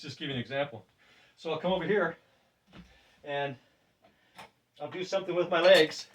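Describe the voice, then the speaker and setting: An older man walks through a weight routine in a home gym, chatting loosely and laughing often. His voice sits a little high and is caught from a few steps back from the camera mic. He breathes deeply between sets. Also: a bit bright, recorded from a distance, slight background noise. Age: 60s. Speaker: fitness presenter. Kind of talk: casual workout demonstration.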